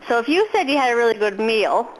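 A woman's voice: on the high side, big pitch swings, quick pace, poor audio. A woman leaves a voicemail for a podcast over the phone. She is chatty and giggles as she talks, and faint noise sits behind her voice. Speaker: caller.

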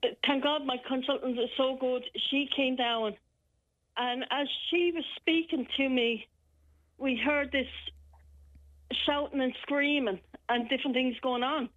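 An Irish woman phoning in, telling a frightening personal account in a halting, shaken way with many restarts. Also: high-pitched, fairly even intonation. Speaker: caller. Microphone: telephone. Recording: muffled telephone line.

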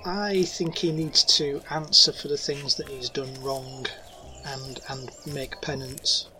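A man's voice: mid-range voice, flat delivery, takes it slowly, music in the background. A man playing in character, with put-on old-fashioned rustic speech. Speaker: player. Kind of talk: in-character tabletop play.

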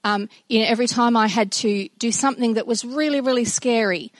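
A middle-aged woman giving a personal devotional talk to children and a congregation, earnest and reflective, with halting restarts. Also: fairly high pitch, no room sound. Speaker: speaker addressing children and congregation.

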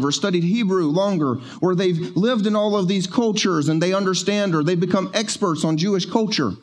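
A male pastor preaching in a church, with a voice pitched high for a man. He talks in a loose, conversational way and drops in jokes. He slows right down to lean on the words that matter. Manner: conversational and joking, slowing down to stress key words. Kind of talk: sermon. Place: church sanctuary.

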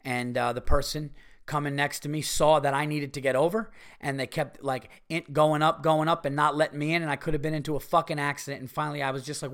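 A man's voice: a little high, steady tone, quick pace, a bit bright. A man hosting a solo comedy podcast, ranting with heavy profanity about things that annoy him. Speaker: podcast host. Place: home.

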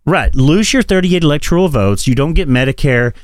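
Profane, animated man on a podcast. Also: fairly high pitch, brisk, no room sound. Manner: profane, animated, laughs often. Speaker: podcast co-host. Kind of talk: casual political chat.

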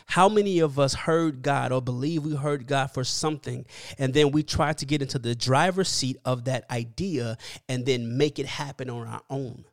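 A man's voice: mid-range voice, moderate pace, no echo, studio quality. A man who is a minister, giving a video devotional message in a testifying, preachy manner and often asking listeners if they hear him. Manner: preachy, testimonial, asks listeners "hear what I'm saying".

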